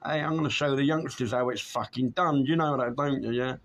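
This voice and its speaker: A man's voice: mid-range voice, fairly even intonation, fairly quick. A man in his late fifties, a DJ, chatting casually in a vlog, swearing freely and rambling with chuckles. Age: 50s.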